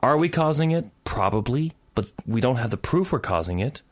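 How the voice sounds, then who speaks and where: A man's voice: mid-range voice, lively intonation, fairly quick, dry recording, clean studio sound, lightly acted. A tipsy man putting on an English accent to voice his older father, a frank physicist who swears bluntly.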